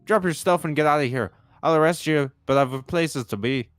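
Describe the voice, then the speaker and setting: A man's voice: fairly high pitch, moderate pace, clear, resonant tone, natural voice. A man voicing a bumbling, self-important police officer, reading game dialogue with indignant bluster. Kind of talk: game dialogue read aloud.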